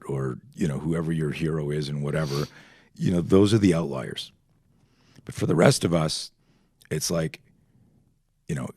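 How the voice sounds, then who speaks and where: A man's voice: a bass voice, dark tone, breathy edge, dry recording, clean studio sound. A man in his fifties, a podcast guest, telling rambling stories full of tangents and swearing in a casual chat. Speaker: podcast guest, self-defense instructor.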